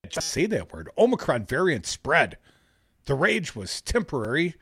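Husky man reading news with jokes. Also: a little high, moderate pace. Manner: animated, reads news aloud, jokey asides. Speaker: podcast co-host. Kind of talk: casual news chat.

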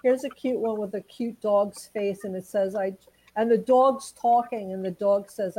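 A woman's voice: medium pitch, normal speed, dark tone, rough recording. A woman co-hosting a casual chat show, telling light stories in a chatty, giggly way. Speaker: podcast co-host.

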